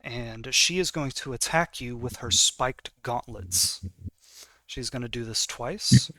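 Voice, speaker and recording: A man's voice: medium pitch, slow, bright, forceful tone, no room sound. A man narrating a tabletop game as game master, casual and full of fillers. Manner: casual, many fillers while reading rules.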